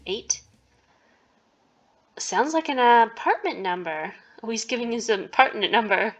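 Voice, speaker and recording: A woman's voice: a little high, animated, unhurried, lo-fi sound. Playful woman reading a game aloud. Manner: playful, jokey asides and giggles between narrated lines. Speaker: game streamer. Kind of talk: reading a visual novel aloud with commentary.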